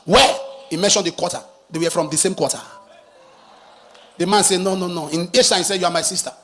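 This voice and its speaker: A man preaching a sermon, telling a cautionary story with dramatic rises and drops in loudness. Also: sits high, fairly even intonation, brisk, a little hiss or hum. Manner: dramatic storyteller, rises to loud emphatic peaks. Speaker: pastor.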